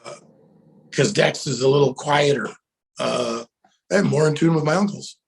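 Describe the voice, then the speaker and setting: A middle-aged man, a guest actor, telling stories in a casual interview, animated and breaking into loud shouts when he acts out the cheers he led. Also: a little high, moderate pace, vocal fry.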